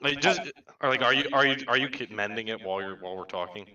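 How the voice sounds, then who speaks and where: A man's voice: medium pitch, quick pace, sharp tone, echoey room, distant mic, muffled recording. A man playing in a tabletop game, boastful and playful, often restarting his sentences. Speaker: player. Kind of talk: in-character tabletop play.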